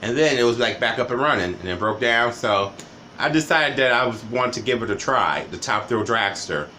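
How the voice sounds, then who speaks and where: A man's voice: mid-range voice, animated, moderate pace, sharp tone, slight background noise. A man vlogging a rambling, casual storytime monologue, often tagging "right?" and "you know" onto his sentences.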